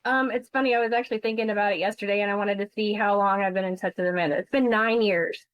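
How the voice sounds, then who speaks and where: A woman's voice: medium pitch, steady tone, fast, dry recording, dull audio. A woman guest who investigates insurance fraud, telling her story bluntly and emotionally on a podcast interview. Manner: blunt, emotional, swears freely.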